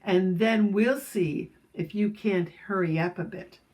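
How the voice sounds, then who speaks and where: Lady doing a big mean gorilla, loud gruff bossy shouting, storybook style. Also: mid-range voice, slow. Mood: fierce. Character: huge fierce bossy male gorilla.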